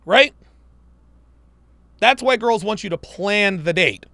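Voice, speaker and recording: A man's voice: sits high, lively intonation, slow pace, sharp tone, no room sound. A man hosting a live-stream commentary show, talking in a profane, emphatic and preachy way. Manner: mocks women in put-on voices.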